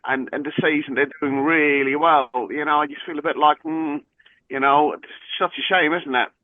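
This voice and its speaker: A man's voice: fairly high pitch, fairly even intonation, moderate pace, dry recording. A man chatting on a podcast in a hesitant, conversational way. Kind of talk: casual chat. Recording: tinny phone-like remote line.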